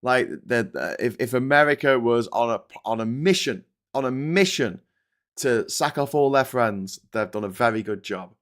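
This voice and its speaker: A British man hosting a casual political commentary show, talking in a lively, rambling way with frequent swearing and restarts. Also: mid-range voice, moderate pace. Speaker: host of a live commentary show.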